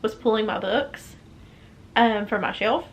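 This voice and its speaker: A woman's voice: on the high side, a little slow. A young woman with a Southern US accent chatting casually as a book vlogger, rambling with many fillers and restarts. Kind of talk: casual chat.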